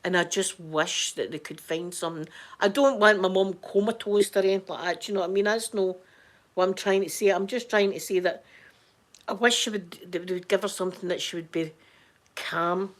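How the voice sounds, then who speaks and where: Hoarse middle-aged Scottish woman vlogger, halting casual chat, lots of repeats and restarts. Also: medium pitch. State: hoarse from crying. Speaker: vlogger talking to viewers.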